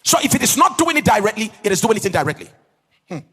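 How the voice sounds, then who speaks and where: A pastor preaches a teaching sermon to a live audience in a sing-song cadence, stretching key words and asking the audience questions, then pausing for answers. His high-pitched voice is very animated, pushed and bright with a breathy edge, and the sound is big-room.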